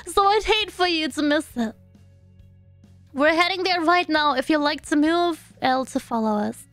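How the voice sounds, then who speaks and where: A woman's voice: high voice, unhurried, a bit bright, no room sound, faint music behind. A woman reading the lines of a polite young raccoon helper aloud from a game. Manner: polite, careful guide reading instructions.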